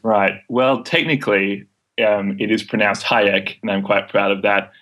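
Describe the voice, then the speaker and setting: A man's voice: fairly low pitch, fairly even intonation, moderate pace, fairly bright tone. A man in his twenties with an Australian accent, answering interview questions confidently, with frequent ums. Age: 20s. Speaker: guest, student debater.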